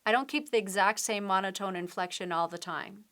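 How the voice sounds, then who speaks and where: A woman's voice: medium pitch, brisk, a bit bright. A woman piano teacher giving a patient, step-by-step tutorial, explaining techniques while she demonstrates at the keyboard. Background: piano playing.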